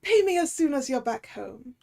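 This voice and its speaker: A woman's voice: high voice, very animated, moderate pace, vocal fry, warm tone, exaggerated voice. A woman putting on a cocky French lawyer man. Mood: smug. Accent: put-on French. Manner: showy, self-assured.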